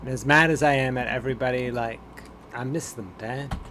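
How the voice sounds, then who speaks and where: Guy reading as a sad teen girl venting to her dad, game dialogue read flat, bit of road noise. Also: medium pitch, a little fast, close to an everyday voice. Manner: read aloud flatly from game text. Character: upset teenage girl confiding in her dad.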